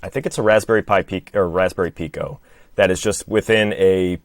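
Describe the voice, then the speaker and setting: A man's voice: low-pitched, fairly even intonation, brisk, no room sound, studio quality. A man chatting as a podcast guest, hesitant and self-deprecating with his explanations. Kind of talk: casual chat.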